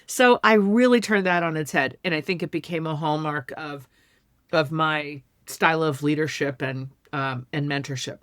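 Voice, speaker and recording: Middle-aged woman guest, kinda low voice, talking earnest and heartfelt, dry close sound. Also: normal speed, a bit bright, no room sound. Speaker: author and educator, podcast guest. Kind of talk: casual conversational interview.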